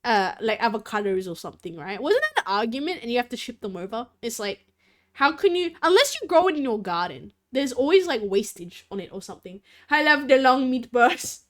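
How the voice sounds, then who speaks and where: A woman's voice: a little high, very animated, fairly quick. A young woman streaming, chatting casually with her viewers in a giggly, bubbly way and often talking about herself in the third person. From Australia. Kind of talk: casual stream chat reacting to chat.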